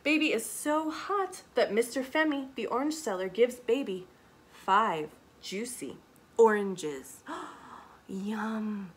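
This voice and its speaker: A children's librarian reading a picture book aloud, animated, with gasps, whispered asides, questions to the children and Spanish words. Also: female voice, on the high side, slow, slightly rough. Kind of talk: storytime read-aloud for kids.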